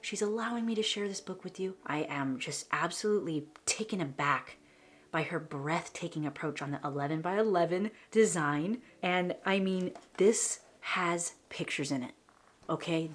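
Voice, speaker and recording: A woman hosting a crafting vlog, gushing over a scrapbook and often dropping into a breathy whisper. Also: lowish voice, normal speed. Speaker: scrapbooking channel host. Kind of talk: flip-through show-and-tell vlog.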